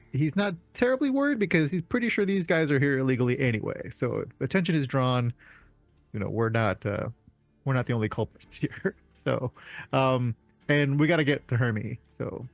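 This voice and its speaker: A man's voice: mid-range voice, expressive, normal speed, creaky, no echo, soft background music. A man playing a tabletop game, chatting loosely about his character's moves. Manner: loose, chatty, with fillers and laughs. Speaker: player. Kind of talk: casual play at a tabletop game.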